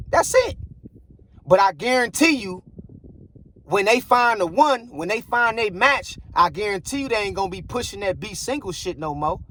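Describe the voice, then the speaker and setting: Man, high-pitched, blunt preachy monologue, faint traffic behind. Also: a bit bright. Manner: blunt, preachy, repeats phrases like "bruh" and "I guarantee you". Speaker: relationship commentator. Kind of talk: casual monologue to camera.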